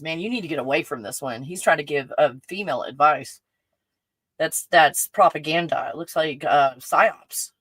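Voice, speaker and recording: A woman's voice: low voice, a bit bright, breathy edge, no echo, poor audio. A woman hosting a casual livestream, reading viewer comments and ranting with lots of swearing and laughter. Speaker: livestream host.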